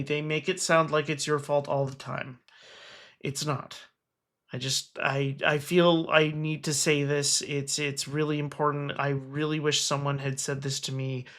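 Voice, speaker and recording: A man's voice: on the high side, fairly bright tone. A man hosting his own game stream in casual chat, earnest and talkative, with wry jokes at his own expense. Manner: earnest and chatty, with wry self-mocking jokes.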